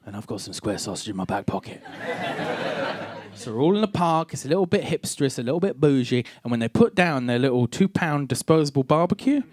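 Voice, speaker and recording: A man's voice: medium pitch, sing-song, brisk, a little mellow. A young Scottish man doing a stand-up comedy set on a club stage, sardonic and punchy.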